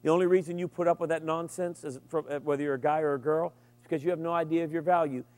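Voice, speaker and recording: A middle-aged man preaching a sermon, animated and humorous, with sudden emphatic rises. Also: a little high, rapid-fire. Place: large hall with an audience. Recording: long reverb from a large room.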